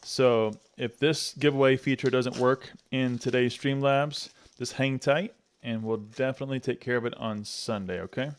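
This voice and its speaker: A man's voice: medium pitch, steady tone, normal speed, few pauses, smooth. A middle-aged man hosting a casual unboxing chat, upbeat and chatty, laughing often. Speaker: channel host.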